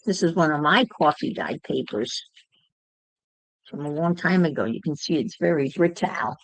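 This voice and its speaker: A woman's voice: deep voice, moderate pace, no echo, poor audio. A woman chatting casually to livestream viewers while she crafts, musing aloud as she works.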